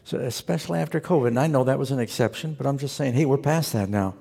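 A man's voice: mid-range voice, fast, creaky, dark tone, husky. A man preaching a sermon as a pastor, telling stories earnestly and exhorting the congregation. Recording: long reverb of a large hall.

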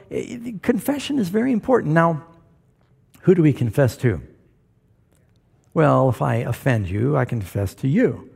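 Pastor, male, folksy preacher with a husky, warm voice, working a live church crowd. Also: mid-range voice. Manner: folksy, joking preacher who asks the crowd for responses. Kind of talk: sermon to a congregation. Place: church before a live congregation.

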